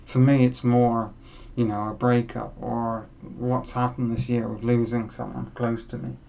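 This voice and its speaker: A young man hosting a music vlog, talking in a heartfelt, halting way with frequent restarts. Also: mid-range voice, little pitch movement, vocal fry, warm tone. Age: young adult. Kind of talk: casual chat. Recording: muffled lo-fi sound.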